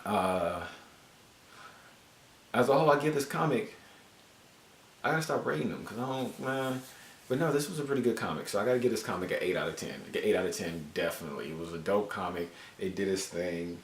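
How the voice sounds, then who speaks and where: A man casually reviewing a comic book, animated and joking with frequent swearing. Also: sits low, a little fast, recorded from a distance, a little hiss or hum. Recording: roomy echo, voice off-mic.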